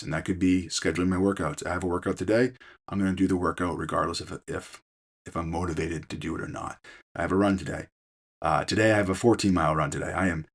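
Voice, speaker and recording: A middle-aged man hosting his own fitness podcast, talking casually with frequent fillers and restarts as he coaches listeners. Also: low voice. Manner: conversational, many fillers and restarts. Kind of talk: casual solo podcast talk.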